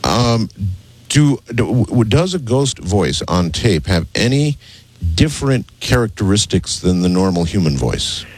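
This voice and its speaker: A man with a very deep voice hosts an interview, pressing his guests with doubtful questions. His pitch swings widely as he talks. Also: very animated, unhurried, no echo. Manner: skeptical, probing questions. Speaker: host. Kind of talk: radio interview.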